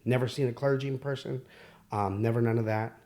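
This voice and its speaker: A man's voice: mid-range voice, steady tone, darkish tone. Candid man telling his story. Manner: candid, halting with fillers and restarts. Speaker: podcast guest. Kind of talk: personal storytelling.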